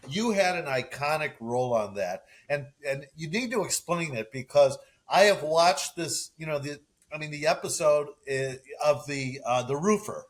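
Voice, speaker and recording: A man's voice: a little high, animated, moderate pace, hardly any pauses. A man hosting a podcast, asking his guest questions with enthusiasm and many restarts. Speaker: podcast host. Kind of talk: casual interview chat.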